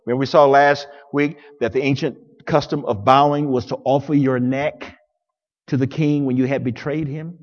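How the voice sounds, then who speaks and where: A male pastor preaching a sermon, dramatic, swinging between loud declarations and hushed passages. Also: medium pitch, steady tone, moderate pace, big-room sound, highs cut off.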